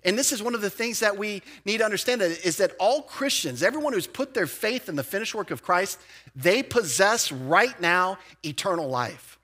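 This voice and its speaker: A man preaching a verse-by-verse sermon as a pastor, conversational with animated emphasis, asides and quick restarts. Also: sits high. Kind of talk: expository sermon. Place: church.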